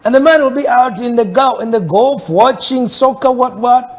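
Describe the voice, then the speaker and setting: A man's voice: very high-pitched, normal speed, slight background noise. A middle-aged Ugandan man hosting a casual cooking chat, playful, switching between English and Luganda and singing while he cooks. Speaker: pastor and cooking show host.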